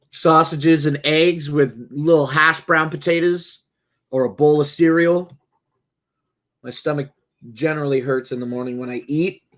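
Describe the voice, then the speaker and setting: A man's voice: a little high, a bit bright. A man hosting a casual livestream at home, joking and swearing loosely. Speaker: livestream host.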